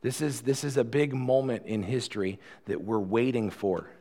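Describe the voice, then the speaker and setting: Man preaching a lively conversational sermon. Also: mid-range voice. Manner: conversational preaching, swings from loud and fast to quiet and slow. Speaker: pastor.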